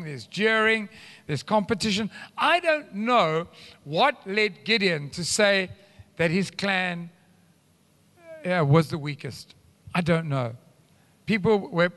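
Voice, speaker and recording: A man preaching a sermon with animated swings between loud and hushed, and rambling asides. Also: high voice. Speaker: pastor. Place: church hall. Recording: live church hall reverb.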